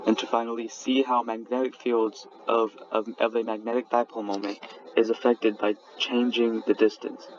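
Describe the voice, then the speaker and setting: A young man, a student, walks through his lab report in a recorded slide presentation, often restarting words and correcting himself. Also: lowish voice. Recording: dull lo-fi audio with faint background noise.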